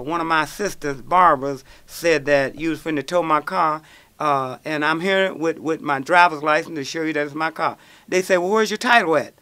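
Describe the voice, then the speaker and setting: Animated storytelling man. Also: a little high, vocal fry. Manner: animated storyteller, acts out quoted voices. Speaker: radio show host answering listener questions. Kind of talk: storytelling call-in answers.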